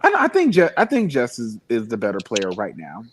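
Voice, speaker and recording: A man's voice: mid-range voice, huge pitch swings, a little fast. A man co-hosting a casual podcast, teasing his friends playfully and emphatically. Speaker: podcast co-host. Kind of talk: casual live watch-along chat.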